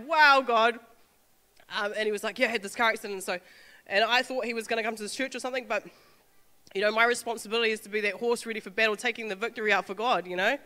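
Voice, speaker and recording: A woman, telling an animated testimony with frequent laughter. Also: on the high side, big-room sound. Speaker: speaker sharing a testimony. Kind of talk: informal sermon talk.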